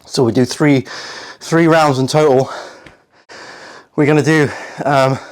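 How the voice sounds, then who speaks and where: A man's voice: mid-range voice, fairly even intonation, unhurried, darkish tone, smooth. A man coaching a home workout, out of breath, counting reps aloud and encouraging. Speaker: fitness coach.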